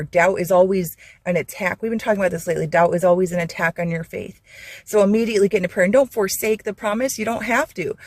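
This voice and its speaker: A woman's voice: lowish voice, a little mellow, dry recording. A woman hosting a Christian channel, giving an earnest, rambling devotional talk full of fillers and restarts. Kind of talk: informal devotional talk to camera.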